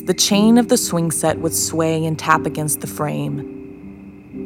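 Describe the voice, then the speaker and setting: A woman narrating a scripted horror story in a hushed, slow, suspenseful way. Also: low voice, creaky. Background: music.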